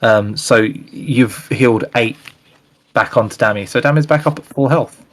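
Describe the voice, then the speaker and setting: A man's voice: mid-range voice, moderate pace. A man running a tabletop game as game master, laid-back, laughing often and swearing casually.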